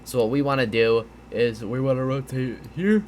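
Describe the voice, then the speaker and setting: A man's voice: mid-range voice, normal speed, slight background noise. A man casually explaining gaming strategy over a map, rambling a bit with fillers and restarts, sounding tired. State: tired, yawning. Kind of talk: casual gameplay breakdown.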